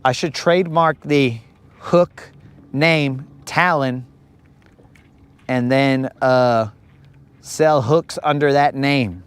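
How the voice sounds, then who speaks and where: A man's voice: medium pitch, very slow, long pauses, clear, resonant tone. A man hosting a live fishing stream from a boat outdoors, rambling and joking in slang. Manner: slangy, rambling, joking, says bro a lot. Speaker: fishing livestream host. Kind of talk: casual live-stream banter.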